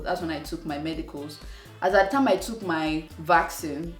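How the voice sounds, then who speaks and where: A woman from Nigeria with a Nigerian accent, telling a personal story to her channel in an animated, exasperated way. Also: on the low side, reverberant, recorded from a distance. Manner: animated, exasperated retelling with acted-out quotes. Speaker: vlogger. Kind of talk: casual storytelling to camera.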